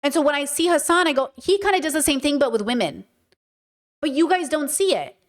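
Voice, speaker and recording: A woman's voice: high voice, lively intonation, fairly quick. A woman streamer reacting to a clip in casual commentary, emphatic and repetitive, often acting out quotes. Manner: emphatic, repeats points, quotes others in put-on voices.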